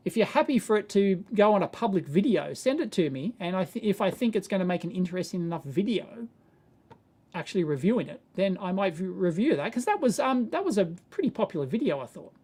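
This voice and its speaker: A man's voice: high voice, sing-song, fast talker, a little mellow, slightly rough. A man with an Australian accent hosting a live stream, answering viewer questions in a casual, rambling way with frequent chuckles. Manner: rambling, chuckling, self-correcting.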